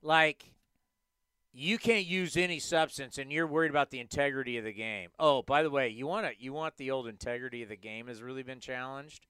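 A man's voice: medium pitch, brisk, pushed and bright, smooth, dry recording, studio quality. A man hosting a sports podcast, ranting animatedly and hammering points by repeating them. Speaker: podcast host. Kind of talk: casual sports talk.

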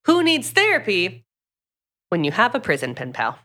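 A young woman co-hosting a podcast, casually recapping a book in a lively storytelling way and acting out the quotes. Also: mid-range voice, moderate pace. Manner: lively storyteller, acts out quotes, many fillers. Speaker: podcast co-host.

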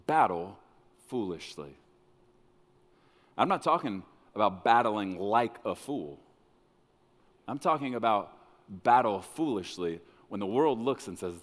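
A man preaching a sermon as pastor, dramatic, swinging between loud bursts and hushed lines. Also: on the low side, animated, slow, long pauses. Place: church hall. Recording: long reverb of a large hall.

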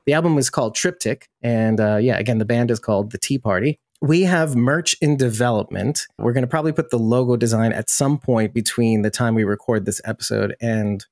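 A man's voice: medium pitch, a little fast, hardly any pauses, darkish tone, no room sound, clean studio sound. A man hosting a casual podcast, talking in a jokey, rambling and self-deprecating way. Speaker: podcast host.

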